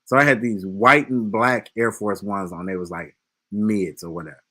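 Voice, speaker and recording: A man's voice: lowish voice, steady tone, moderate pace, bright, forceful tone. Laid-back man telling stories. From Detroit, USA. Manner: loose storytelling, swears freely. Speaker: podcast host. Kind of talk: casual chat.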